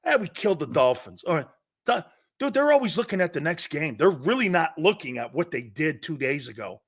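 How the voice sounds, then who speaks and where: Animated, blunt sports talk host, man. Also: fairly quick, husky. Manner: animated, blunt storytelling with swings in pitch and loudness.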